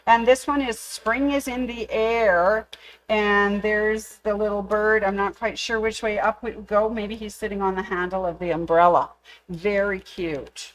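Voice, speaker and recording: A woman's voice: medium pitch, fairly even intonation, measured pace. A woman hosting her sewing store's video, showing off craft kits in a chatty, fond way with small jokes. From Canada. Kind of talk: casual product showcase.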